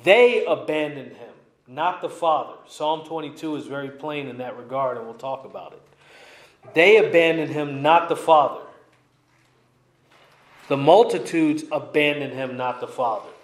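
A man's voice: a little high, moderate pace. A man preaches a verse-by-verse sermon in a slightly raised voice. He is emphatic and drives his points home by repeating them. The sound is echoey, as in a church sanctuary. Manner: emphatic, repeats key lines. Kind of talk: expository sermon.

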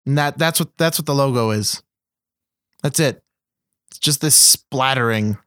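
A man's voice: mid-range voice, measured pace, pushed and bright, no room sound, clean studio sound. A man co-hosting a podcast, chatting casually about a movie with sarcastic, profane jokes. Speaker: podcast co-host. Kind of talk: casual movie review chat.

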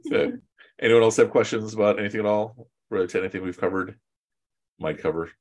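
A man teaching a casual online Quran class, relaxed and joking with chatty asides, over a video call. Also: on the low side, a little fast.

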